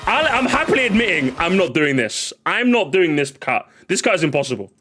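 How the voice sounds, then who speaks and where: A male streamer reacting live to game replays, chatty and excitable, rambling with many restarts. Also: high voice, brisk, music in the background.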